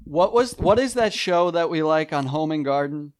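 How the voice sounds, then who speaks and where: A man chatting casually as a podcast host, telling rambling, animated stories full of fillers. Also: on the high side, moderate pace, dry recording, studio quality. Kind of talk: casual chat.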